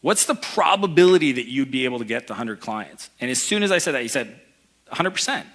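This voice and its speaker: A man giving an energetic motivational talk to a live audience, telling personal stories and acting out the people in them. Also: mid-range voice, quick pace. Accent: Canadian. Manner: energetic storytelling, acts out voices in anecdotes. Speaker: keynote speaker. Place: event hall before a live audience.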